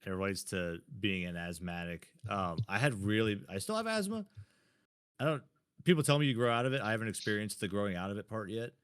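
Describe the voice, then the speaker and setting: A man's voice: lowish voice, fast talker, clear, resonant tone, no echo, clean studio sound. A man in his thirties, co-hosting a podcast, telling childhood stories in a casual, blunt, self-mocking way with plenty of swearing. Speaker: podcast co-host. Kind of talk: casual storytelling chat.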